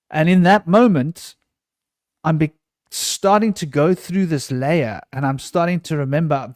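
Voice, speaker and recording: A man's voice: on the high side, measured pace, no echo, studio quality. A man in an unscripted podcast conversation, telling a personal story earnestly and often restarting his sentences.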